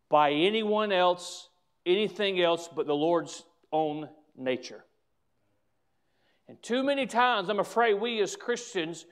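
Slow, deliberate high-voiced preacher. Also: male voice, clean tone. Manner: slow, deliberate preaching with stretched emphasis on key words. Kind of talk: sermon.

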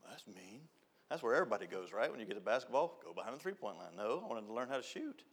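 A man's voice: mid-range voice, big pitch swings, quick pace, breathy edge. An older man giving an informal church talk, folksy and storytelling, often repeating a refrain. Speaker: youth director.

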